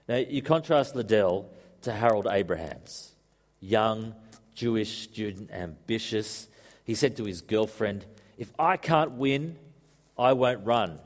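A man's voice: medium pitch, darkish tone. A man preaching a sermon to a congregation in a conversational way, mixing in joking asides. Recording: echoey hall reverb.

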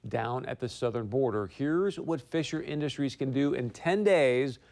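A male talk show host delivers opinionated political commentary into a studio mic. His voice sits at an ordinary middle pitch. He is emphatic and climbs higher whenever he presses a point. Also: moderate pace, vocal fry, a little mellow. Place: broadcast studio.

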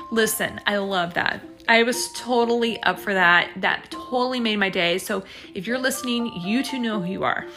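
A woman's voice: medium pitch, a little slow, pushed and bright, soft background music. A woman hosting her own podcast, talking casually and encouragingly about faith, with lots of fillers and restarts. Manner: chatty and reflective, with many fillers and restarts; faith-based encouraging talk. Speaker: podcast host. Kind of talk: casual solo podcast monologue.

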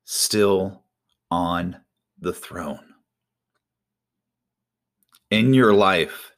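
A man preaching a sermon as pastor, animated, stretching out key phrases for emphasis. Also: fairly low pitch.

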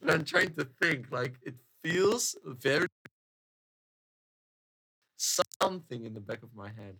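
Laughing man with a bright, husky voice. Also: fairly high pitch, lively intonation, a little slow. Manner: guesses aloud, laughs a lot. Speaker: quiz guest. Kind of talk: casual chat.

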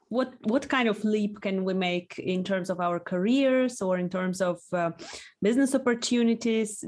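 A woman's voice: medium pitch, darkish tone. A woman interviewing a guest, asking open questions with some hesitant phrasing.

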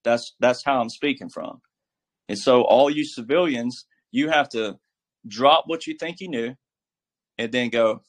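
A man's voice: mid-range voice, moderate pace. A man giving casual political commentary as a guest, emphatic and preachy, with a folksy, filler-heavy way of talking. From military background.

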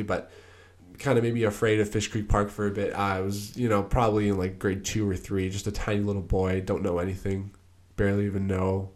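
Chill young dude rambling on his solo podcast, kinda low voice, lots of likes and you knows. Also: darkish tone. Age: young adult. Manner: laid-back, rambling, many fillers and restarts. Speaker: podcast host. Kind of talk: casual solo podcast storytelling.

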